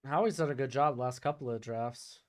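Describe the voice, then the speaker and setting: A man's voice: mid-range voice, a little fast. A man streaming casually, reading viewer questions and commenting on draft picks. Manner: chatty, reads chat questions aloud.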